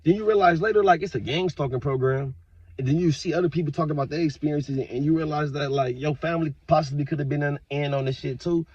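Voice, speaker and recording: A man vlogging in a rambling, profane rant, his fairly high voice husky and a bit raspy. He breaks into sudden loud outbursts. The dry, dull lo-fi sound has no room echo. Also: fast talker. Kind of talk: casual monologue to camera.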